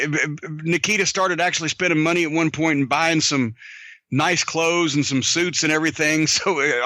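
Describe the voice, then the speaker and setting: A man's voice: on the high side, sharp tone, no echo. A man in his fifties hosting a podcast, telling profane wrestling-business stories with lots of "uh" fillers. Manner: profane storytelling with many filler words. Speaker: podcast host answering listener questions. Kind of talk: casual podcast chat.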